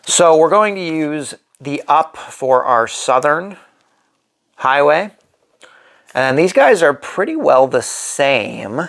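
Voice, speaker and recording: Slow gravelly man thinking aloud. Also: on the high side, very animated, fairly bright tone. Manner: slow, thinking aloud while placing pieces. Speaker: board game channel host. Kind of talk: solo board game playthrough commentary.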